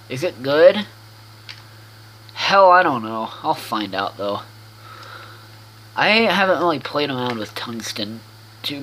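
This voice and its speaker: A man's voice: mid-range voice, bright, forceful tone, slight background noise, poor audio. A man hosting a casual let's-play video, rambling to himself with restarts and the odd swear word as he plays. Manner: rambling self-talk with frequent restarts and swearing. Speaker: gaming video host.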